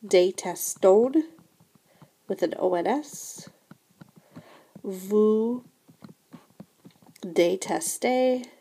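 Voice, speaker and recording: A slow, patient woman teaching a French lesson, walking through verb endings step by step. Her voice is mellow and a little gravelly, with an unhurried, steady delivery. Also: medium pitch. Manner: slow, patient explaining with frequent "so again" and "remember". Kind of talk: recorded classroom lesson.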